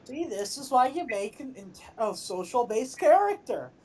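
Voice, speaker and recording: A woman's voice: a little high, big pitch swings, moderate pace, a little mellow, husky, low-quality recording. A woman player in a tabletop game, chatting in a teasing way. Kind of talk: casual chat at a tabletop game.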